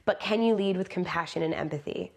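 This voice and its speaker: A woman's voice: lowish voice, fast. A woman from the United States, a podcast guest talking conversationally and acting out quotes as she tells stories. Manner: animated storyteller who acts out quotes. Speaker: podcast guest, lived experience practitioner. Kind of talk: conversational interview.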